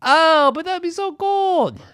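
A man voicing a whiny, excitable young boy in a bedtime story, pleading in a high voice. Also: slow pace, no room sound, clean studio sound, full character voice. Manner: high, pleading, dramatic outbursts.

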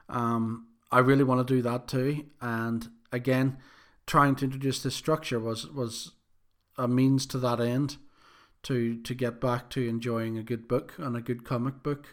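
A man hosting a podcast, talking alone in a rambling, self-deprecating way with many fillers and restarts. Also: medium pitch. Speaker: podcast host. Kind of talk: casual solo podcast monologue.

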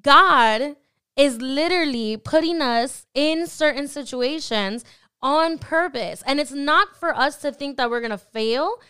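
A young adult woman hosting a podcast, talking casually about faith and acting out imagined thoughts in quick quoted asides. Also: high voice, sharp tone. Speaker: podcast host.

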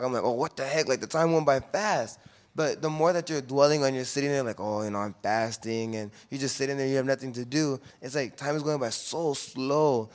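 A young man leading a casual faith talk with a group, relaxed and conversational, often trailing off softly. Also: medium pitch. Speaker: youth group leader.

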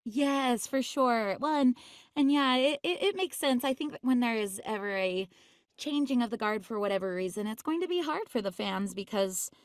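A woman's voice: a little high, animated, moderate pace, no room sound, studio quality. A woman voice actress chatting in an interview, bubbly and laughing often, with many fillers. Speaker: voice actress guest. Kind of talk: casual interview chat.

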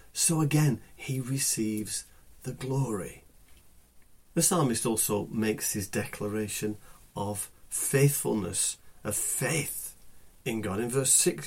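A man with a husky, slightly breathy voice delivers a devotional sermon at a slow, deliberate pace. He speaks earnestly to his listeners, lingering on phrases and repeating words to stress them. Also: mid-range voice, a little mellow. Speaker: pastor.

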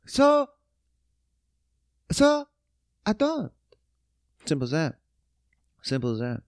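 A man hosting a podcast, ranting casually with lots of swearing and mocking, his voice jumping up and down in pitch. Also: no room sound. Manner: profane, animated, mocking ranting with sudden pitch jumps. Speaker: podcast host.

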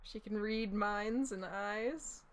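A woman chats casually at an ordinary middle pitch. She giggles often and rambles, piling up fillers. The talk is loose and unscripted. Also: takes it slowly. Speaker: author of the story being read. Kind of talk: casual chat.

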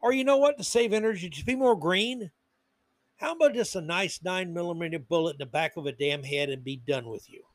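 A male podcast host with a notably high voice rants through an indignant commentary monologue. He hammers his points with repeated words. The sound is close and dry, with no room echo. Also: a little fast. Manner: indignant ranting with emphatic repetition.

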